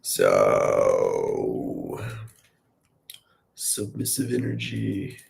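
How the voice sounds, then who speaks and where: A man in his late thirties chats to the camera in a loose, wandering way and cheers himself on as he goes. His voice sits a little low and has a gravelly, fry-heavy edge. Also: huge pitch swings, drawn-out words. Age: late 30s. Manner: chatty, self-encouraging, wandering. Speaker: vlogger. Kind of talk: casual rambling self-talk.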